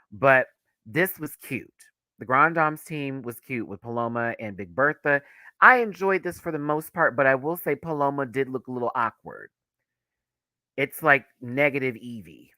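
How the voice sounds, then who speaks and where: A man chatting through a live review in a campy, animated way, laughing often. His voice leaps high and dips low, bright and forceful in tone, and it sounds dry and close to the mic. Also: dry recording. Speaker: YouTube reviewer.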